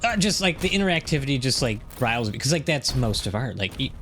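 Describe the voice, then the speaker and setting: A man co-hosting a casual gaming podcast stream, telling ideas in a rambling, animated way. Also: medium pitch, fast talker, soft background music. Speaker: podcast co-host.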